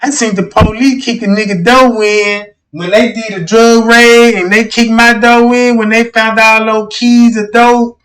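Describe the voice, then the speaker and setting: A man's voice: extremely high pitch, fairly even intonation, a little slow, few pauses, fairly bright tone, far from the mic. A man doing a rambling, profane livestream rant, repeatedly asking his listeners whether they know what he's talking about. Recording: roomy echo, speaking away from the mic.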